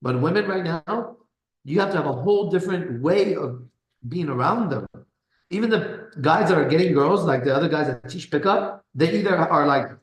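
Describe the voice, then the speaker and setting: A man's voice: fairly high pitch, expressive, moderate pace. A man hosting a live stream in casual chat, boastful and swearing with slangy talk, in a kitchen. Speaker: host. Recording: echoey room.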